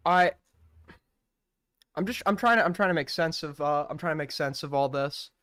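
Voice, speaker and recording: A man's voice: a little high, moderate pace, fairly bright tone, clean tone. A man hosting a live-stream call-in show, talking casually, hesitant with many fillers and restarts.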